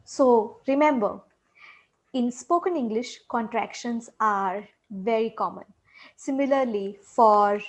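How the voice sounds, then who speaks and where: A woman teaching a short English lesson on intonation, patiently repeating example questions with exaggerated rising and falling tones. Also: fairly high pitch.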